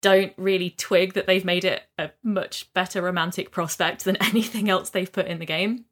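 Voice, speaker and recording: A woman's voice: on the low side, fairly even intonation, normal speed. A woman co-hosting a casual podcast, retelling a game story with enthusiasm and many fillers. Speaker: podcast co-host.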